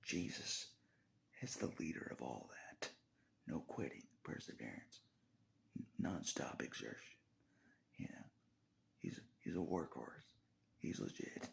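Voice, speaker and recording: An exhausted man rambling in a half-whispered voice. He repeats himself and chuckles softly between phrases. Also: a bass voice, animated, unhurried, gravelly, pauses often, a little hiss or hum. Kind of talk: rambling spoken confession.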